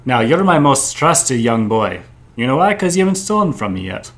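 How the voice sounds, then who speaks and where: A man's voice: medium pitch, big pitch swings, normal speed, natural voice. A man voicing a bossy, stingy male boss in comedy improv.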